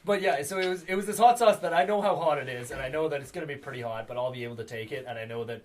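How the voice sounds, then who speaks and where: A man's voice: fairly high pitch, rapid-fire, slight background noise. A young man co-hosting a podcast, telling a rambling story among friends, laughing and acting out the people in it. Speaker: podcast co-host.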